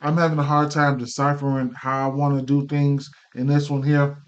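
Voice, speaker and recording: A man's voice: on the high side, level tone, normal speed, dull audio. A man hosting a casual sports betting picks show, talking loosely with many fillers and restarts, and he has the hiccups. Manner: loose, filler-heavy, repeats himself.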